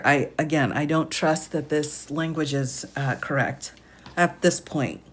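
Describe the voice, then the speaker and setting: A woman with a lowish voice reads a legal filing aloud on a live stream and comments as she goes. She takes her time, breaks long sentences apart and rereads them. She cuts in with sighs and disbelieving questions. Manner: incredulous, interrupts her reading with sighs and "what?". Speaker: attorney.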